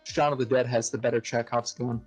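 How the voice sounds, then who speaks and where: A man's voice: medium pitch, steady tone, a little fast, husky, soft background music, rough recording. A man in casual podcast chat who rambles with many "uh"s and swears freely. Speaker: podcast co-host.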